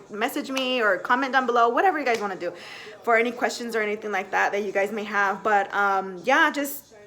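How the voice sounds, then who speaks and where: Young woman vlogger, chatty and animated, slightly high voice, speaking at home. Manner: chatty, animated, full of fillers. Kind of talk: casual storytelling to camera.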